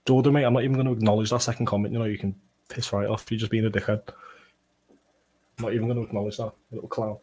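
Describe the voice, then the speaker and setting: A young man hosting a football watchalong livestream, bantering and swearing as he reads out chat comments, with bursts of excited play-by-play. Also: lowish voice, racing, husky. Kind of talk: casual livestream chat and match reaction.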